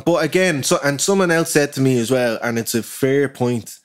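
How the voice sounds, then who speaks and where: A man with a working-class Dublin accent, a guest rapper in a casual podcast chat, talking in an animated, swearing way. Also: mid-range voice, normal speed, smooth. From Ireland. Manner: animated, swears freely, slips into impressions of others.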